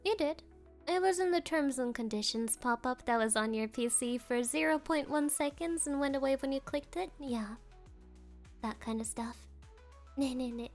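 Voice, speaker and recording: A woman streamer talks to her chat in a high, bright voice, giggling between stories and reading comments aloud. Faint music plays quietly behind her. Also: moderate pace. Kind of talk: casual chat with chat readers.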